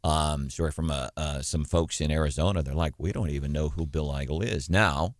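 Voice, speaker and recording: A man's voice: rumbling low, a little fast, dry recording, clean studio sound. A man hosting a morning radio talk show, chatting casually and telling stories with lots of filler words.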